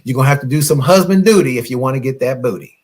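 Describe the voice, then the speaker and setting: A middle-aged man coaching on relationships in a late-night live stream, animated and preachy, scolding his viewers playfully and laughing often. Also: mid-range voice, racing, a little hiss or hum. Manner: fumbles with his phone while reading comments.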